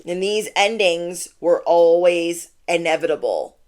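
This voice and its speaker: A woman's voice: lowish voice, unhurried, a little mellow. A woman giving a channeled tarot reading, talking casually and bluntly and repeating her points for emphasis. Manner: emphatic and repetitive, lots of "like". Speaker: tarot reader.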